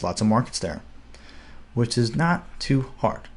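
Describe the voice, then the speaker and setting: A young man giving a casual, upbeat video lesson, slowing down to spell out words. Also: fairly low pitch. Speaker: language teacher.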